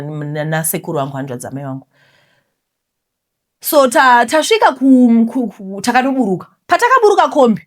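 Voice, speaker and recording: Animated Zimbabwean woman telling her story. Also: medium pitch. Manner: emotional, mixes Shona and English mid-sentence. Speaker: YouTube storyteller. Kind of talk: personal storytelling to viewers.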